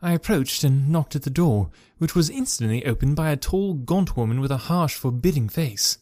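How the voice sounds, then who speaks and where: A man reads a classic story aloud in the first person, measured and dramatic in his pacing. His voice sits fairly high for a man. The sound is dry and close, with no room around it. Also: lively intonation, warm tone, no room sound. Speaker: narrator.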